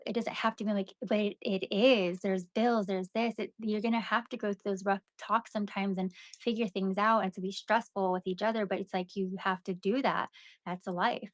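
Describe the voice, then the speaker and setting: Young woman venting to her stream, lots of like and you know, mid pitch, dead dry sound. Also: no room sound. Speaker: live-stream seller. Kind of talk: casual rambling chat to viewers.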